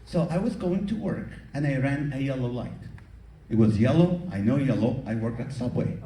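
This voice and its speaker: A man's voice: medium pitch, moderate pace, slight background noise. A man performing a stand-up comedy set, acting out characters and chatting with the crowd. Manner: animated, acts out characters and crowd work. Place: comedy show venue with audience. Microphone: far camera recording from audience. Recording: echoey hall from far off.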